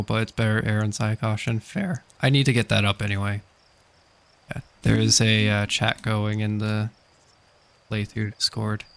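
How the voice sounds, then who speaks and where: Laid-back man streaming a game. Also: lowish voice. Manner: chatty, laughs often, talks to chat. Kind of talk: casual live-stream chat while gaming.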